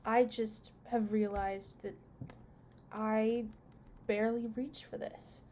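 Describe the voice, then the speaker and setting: Chatty young woman with a mellow voice. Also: on the high side, steady tone, slow pace, slight background noise. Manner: candid, chatty, openly complaining. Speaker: beauty vlogger. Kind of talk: makeup review vlog.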